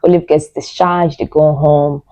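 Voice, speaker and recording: A woman's voice: low-pitched, little pitch movement, a little slow, warm tone, no echo, rough recording. A woman giving a casual movie review, retelling scenes emotionally with lots of fillers.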